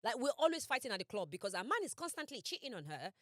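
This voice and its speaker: A young woman tells a personal story on a podcast, animated and emphatic. She acts out what people said with big dramatic swings in her voice. The sound is dry and close. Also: very fast, no echo. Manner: animated, emphatic, quotes herself and others with dramatic pitch swings. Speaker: podcast co-host. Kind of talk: casual storytelling chat.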